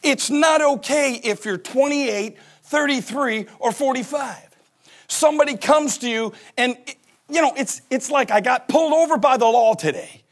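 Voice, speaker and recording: A very high-pitched man in his forties, speaking at a moderate pace, is a pastor delivering a comic sermon. He's a joking storyteller who performs voices and mini scenes, laughing as he goes.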